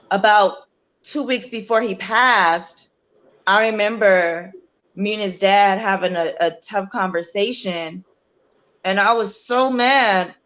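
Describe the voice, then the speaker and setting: Woman guest telling her story, earnest and emotional, lots of "like", mid-pitched voice, acts out the quotes. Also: fairly bright tone. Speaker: interview guest, bereaved mother. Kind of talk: personal story in conversation.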